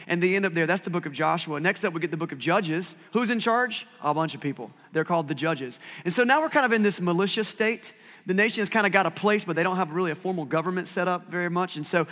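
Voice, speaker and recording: A man's voice: fairly high pitch, fairly bright tone, long reverb tail. A man preaching a sermon as pastor, talking conversationally with self-deprecating asides.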